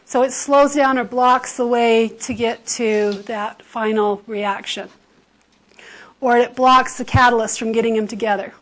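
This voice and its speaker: High-voiced woman teaching chemistry class. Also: steady tone, measured pace, low-quality recording. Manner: explains with everyday comparisons, checks in with "okay?". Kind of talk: classroom lecture.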